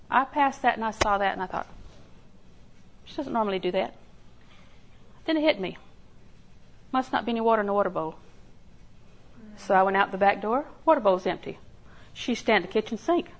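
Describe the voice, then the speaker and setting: A woman's voice: on the high side, low-quality recording. An older woman preaching a sermon in a folksy storytelling way, acting out little quotes and laughing along. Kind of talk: sermon with homey stories.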